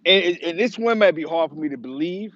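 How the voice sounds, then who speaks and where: A man's voice: on the high side, animated, a little fast, a bit bright, dry recording, dull audio. A man from the Bronx, hosting his show and giving a rambling, emphatic commentary with many restarts. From the Bronx, New York. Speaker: host. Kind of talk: casual commentary monologue.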